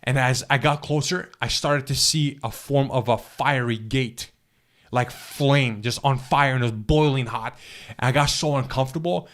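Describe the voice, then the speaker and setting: A man recounting a personal spiritual experience in an interview, speaking earnestly and haltingly, with frequent restarts and fillers. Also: mid-range voice, a bit bright. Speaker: guest telling his testimony.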